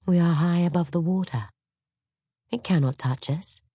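A woman's voice: on the low side, moderate pace, mellow, breathy edge, dry recording, studio quality, voice pushed up. A woman voicing a strong, ample mother sister who speaks in a soothing, reassuring way in a storybook reading.

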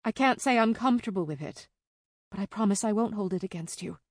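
A woman voicing a middle-aged mother who speaks in a measured, hesitant way. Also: mid-range voice, no room sound, clean studio sound, natural voice. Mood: guarded.

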